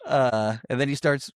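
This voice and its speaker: A man co-hosting a casual movie podcast, retelling scenes with lively acted-out lines, frequent laughter and swearing. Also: mid-range voice, clear, resonant tone, dry recording, studio quality. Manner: animated, acts out film lines, laughs often, swears. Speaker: podcast co-host. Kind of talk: casual movie recap chat.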